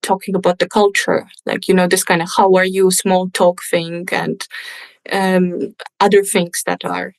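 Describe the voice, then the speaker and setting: A woman's voice: lowish voice, measured pace, creaky, no room sound, poor audio. Young russian-native woman chatting away, lots of restarts, dry close sound. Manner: chatty, restarts often, lively storytelling. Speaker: podcast guest, English teacher. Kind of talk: casual conversation.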